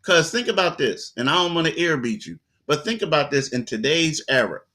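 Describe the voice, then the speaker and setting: A man co-hosting a sports talk program talks fairly quickly in a slightly high voice. His storytelling is loose and animated, peppered with quoted asides.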